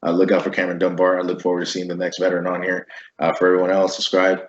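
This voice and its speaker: A man hosting a casual veterans' interview, swearing freely and telling stories in an animated way. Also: sits low, very fast, highs cut off, a little hiss or hum. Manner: profane, animated storytelling. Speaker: host.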